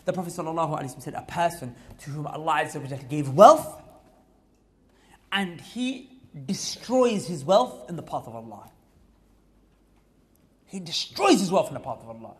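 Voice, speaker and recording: High-voiced emphatic male mosque preacher. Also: expressive, normal speed, long pauses. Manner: emphatic, repetitive, rising to loud exhortation. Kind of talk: mosque talk. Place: mosque hall.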